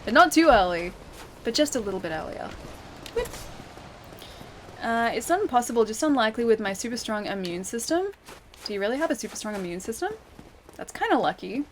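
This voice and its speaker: Chatty young Australian woman streamer, slightly high voice, faint hiss behind her. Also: sing-song, brisk, pauses often. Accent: Australian, city, pronounces final R's. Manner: chatty, reads chat aloud, giggly. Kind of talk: casual livestream chat while gaming.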